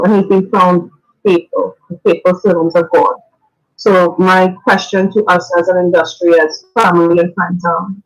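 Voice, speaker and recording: A woman's voice: lowish voice, dull audio. A woman, a radio guest sharing heartfelt, faith-filled memories in an earnest, reflective way. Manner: earnest, reflective, sometimes laughing; faith-filled, preacher-like phrasing. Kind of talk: spoken radio tribute.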